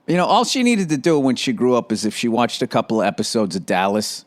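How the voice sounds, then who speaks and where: A man's voice: mid-range voice, very animated, fast talker, few pauses. A man hosting his podcast in a loose, profane, rambling comedic monologue. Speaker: podcast host.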